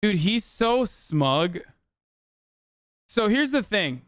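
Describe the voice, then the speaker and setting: A man's voice: high-pitched, big pitch swings, drawn-out words, no room sound. Male streamer host, casual and profane, exasperated riffing; close dry mic. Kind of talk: casual live-stream commentary.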